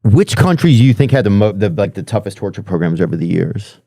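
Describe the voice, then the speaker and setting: A man hosts a podcast and asks questions in a rambling, hesitant way full of fillers. His voice sits low with a dark, mellow tone. The recording is dry and close. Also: lively intonation, quick pace, gravelly, dry recording. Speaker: podcast host. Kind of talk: casual interview chat.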